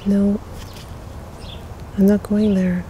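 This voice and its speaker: A woman's voice: medium pitch, level tone, extremely slow, warm tone, slight background noise. A woman vlogging while walking her cat outdoors on a neighborhood street, chatting casually and cooing at the animals. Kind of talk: casual chat.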